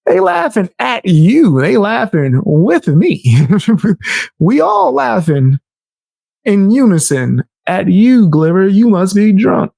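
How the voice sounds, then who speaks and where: A gravelly man riffs on video clips in a loose, slangy commentary voice. His pitch swings widely as he reacts. The sound is dry and close. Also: slow, dry recording. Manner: animated, laughing, slangy asides.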